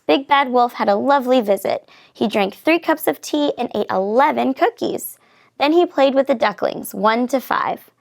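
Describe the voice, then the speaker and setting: A woman reads a children's picture book aloud with expressive, lively storytelling. Her voice sits fairly high and has a gravelly edge. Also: normal speed. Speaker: reader.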